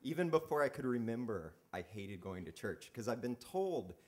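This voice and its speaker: A man telling a personal story live on stage, chatty and self-mocking, with many halting restarts. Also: medium pitch, big pitch swings. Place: stage in a club venue.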